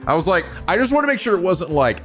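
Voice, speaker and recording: A young man hosting a let's play, chatting casually and profanely, laughing often and jumping between low mutters and loud yelps. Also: big pitch swings, fast, soft background music. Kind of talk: casual gameplay commentary.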